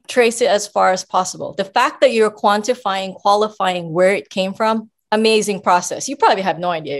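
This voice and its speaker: A woman's voice: medium pitch, gravelly. Woman coaching with emphatic energy. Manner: emphatic, animated explaining. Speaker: guest coach. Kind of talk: casual advice talk.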